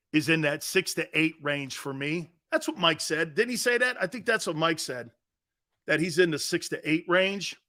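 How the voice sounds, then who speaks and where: A middle-aged man hosting a sports talk show, brash and jokey, loud and given to repeating himself. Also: fairly high pitch.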